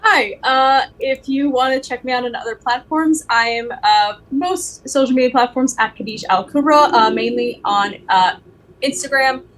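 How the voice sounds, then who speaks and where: A woman's voice: sits high, normal speed, a bit bright. A woman player chatting through her social plugs, a little rambling, at the end of a game stream. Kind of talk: casual plug on a stream.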